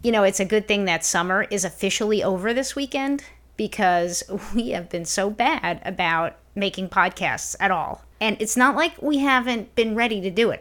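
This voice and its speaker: A woman co-hosting a podcast, telling stories in a blunt, profane, animated way. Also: medium pitch. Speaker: podcast co-host. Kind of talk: casual podcast chat.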